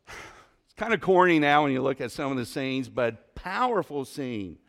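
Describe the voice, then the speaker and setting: A male pastor preaching a sermon in a church, emphatic, with rhetorical questions and dramatic pauses. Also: on the high side, a bit bright. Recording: long hall reverb.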